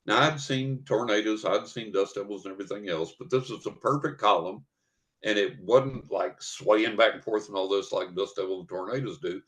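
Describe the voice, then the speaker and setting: An older man with a drawl and a fairly low voice tells a story as a podcast guest. He paints each scene in detail and acts out what people said along the way. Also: normal speed, a bit bright. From West Texas. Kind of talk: vivid personal storytelling.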